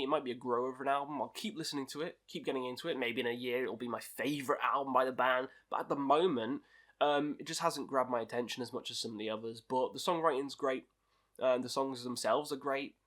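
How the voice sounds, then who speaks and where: Full of ums and likes, this music reviewer ranks albums in a loose, opinionated chat. He has a mid-range, fairly bright voice and talks fairly quickly.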